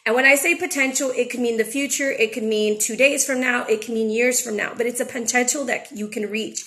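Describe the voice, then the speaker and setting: A young adult woman talks through a tarot spread in a loose, chatty way. She is frank and a little emotional. Her voice sits somewhat high for a woman. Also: steady tone, brisk, fairly bright tone. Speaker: tarot reader and channel host. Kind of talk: casual spiritual chat with tarot reading.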